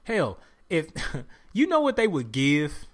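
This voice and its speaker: A man hosting a solo podcast and lecturing his listeners in casual slang, full of curse words. His voice sits a bit high for a man, and he hammers points home by saying them twice. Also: wildly swooping pitch, slow pace. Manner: preachy, emphatic, repeats lines for effect. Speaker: podcast host.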